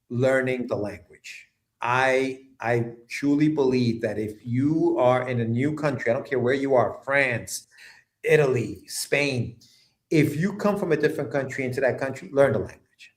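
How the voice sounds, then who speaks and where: A man chatting as a guest on an interview show, relaxed and rambling with many fillers. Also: mid-range voice, unhurried. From immigrant to the United States at age seven. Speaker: guest writer and letterer. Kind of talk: casual interview chat.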